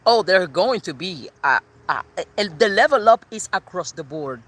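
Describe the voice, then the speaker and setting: A woman giving a live tarot reading, excitable and expressive, swearing casually as she talks to viewers. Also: on the low side, normal speed, a little hiss or hum. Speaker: tarot reader.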